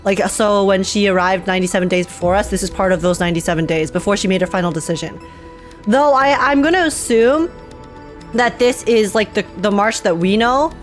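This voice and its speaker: A young woman reacts to a game in an excitable, casual voice and theorizes aloud as she plays. Her pitch sits in a middle range. Faint music plays under her talk. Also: fairly quick.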